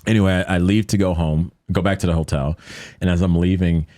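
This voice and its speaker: A deep-voiced man from the United States, speaking as a guest on a podcast. He tells his story in an animated way and keeps slipping into the voices of the people he is quoting. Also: quick pace, no room sound, studio quality. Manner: animated retelling that acts out quoted voices.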